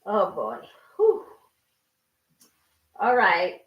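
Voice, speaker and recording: A woman's voice: medium pitch, wildly swooping pitch, extremely slow, reverberant, recorded from a distance, muffled recording. A woman cooking at home, talking herself through each step with lots of exclamations while her eyes water from chopping. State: teary-eyed from chopping. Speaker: home cook. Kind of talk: casual cooking narration. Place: home kitchen.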